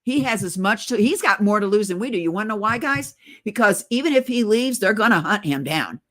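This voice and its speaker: A middle-aged political video blogger on oxygen rants urgently straight to camera, short of breath, calling her viewers guys in a casual, conspiratorial tone. Her medium-pitched voice is animated, brisk and a bit bright.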